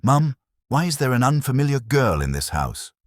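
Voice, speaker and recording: A spoiled grown son in a folktale, hostile and demanding, voiced by a man pitching up. He barks out his questions. The voice is husky and dry, with a wide swing. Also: lively intonation, unhurried, dry recording. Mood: angry. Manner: shouting, demanding.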